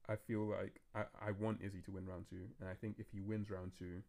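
A man hosts a casual podcast chat, his voice low and gravelly with a flat, even pitch. He talks fast and rambles, breaking off and restarting his thoughts as he goes. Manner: fast, rambling, self-interrupting talk. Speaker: podcast host.

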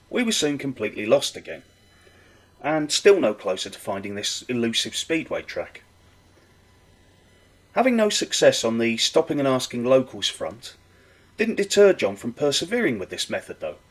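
A man telling a comic anecdote with wry, animated delivery. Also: medium pitch, low-quality recording. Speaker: storyteller.

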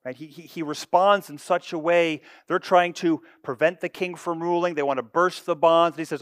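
A man preaching a sermon, with expressive delivery that moves from loud emphasis to hushed asides. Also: fairly high pitch, moderate pace, few pauses, no room sound, clean studio sound. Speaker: pastor.

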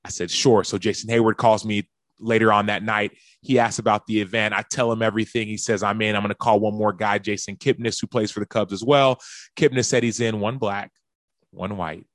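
A man with a fairly low speaking voice tells a personal story in a podcast monologue. He acts out the calls he describes, jumping up in pitch as he gets excited. The sound is close and dry. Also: a little fast, dry recording. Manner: animated storyteller who acts out quoted phone calls in a raised voice.

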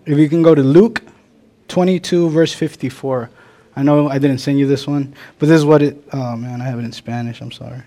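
A man's voice: mid-range voice, steady tone, brisk, dark tone. A man preaching a casual, conversational sermon who keeps checking in with "right?" and acts out little everyday dialogues.

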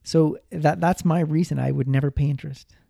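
A man's voice: fairly high pitch, fairly even intonation, brisk, creaky, dark tone, no room sound, clean studio sound. A man giving casual personal finance advice, rambling with frequent restarts and repeated words.

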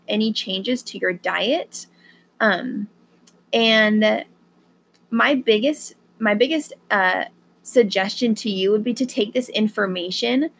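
A woman hosting a podcast, talking casually and gently with frequent fillers, then guiding a calm meditation. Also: medium pitch, a little hiss or hum. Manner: slow, gentle, soothing delivery with fillers. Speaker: podcast host.

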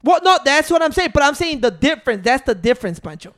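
A man's voice: extremely high pitch, sing-song, fast, fairly bright tone. A man, co-hosting a casual, profane debate and insisting on finishing his point through interruptions. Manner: insistent, keeps restarting to hold the floor. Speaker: podcast co-host.

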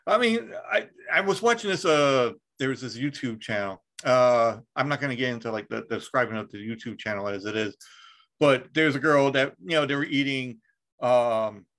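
A man's voice: medium pitch, moderate pace. A man hosting a podcast in casual chat, rambling and swearing freely as he tells stories. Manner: profane, rambling, animated storytelling. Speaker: podcast host.

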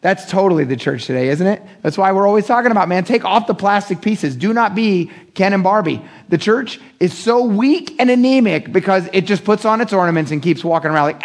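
A young adult man preaching a casual midweek sermon, talking in an animated, conversational way with slang and acting out the voices he quotes. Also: high-pitched, brisk, few pauses. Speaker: pastor.

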